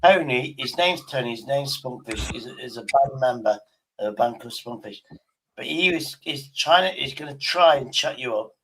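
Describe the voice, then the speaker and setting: A man's voice: medium pitch, lively intonation, normal speed, a bit bright, slight background noise. A man streaming live, chatting in a blunt, rambling way with casual swearing.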